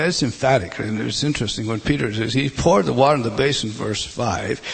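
Male preacher, husky voice, emphatic sermon delivery that stumbles and restarts, rising loud then dropping soft. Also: fairly high pitch. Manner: emphatic, repeats words and restarts, swings between loud and hushed.

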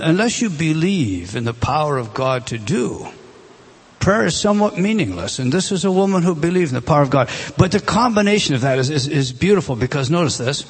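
A man preaching a sermon, emphatic, repeating words and swinging between loud stresses and quiet asides. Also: a little high, slightly rough.

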